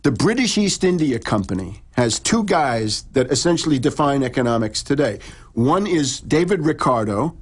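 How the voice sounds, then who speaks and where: A man's voice: mid-range voice, very animated, breathy edge. A man explaining history at length in conversation, with frequent restarts and fillers. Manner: long halting explanations with many restarts. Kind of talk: lecturing conversation.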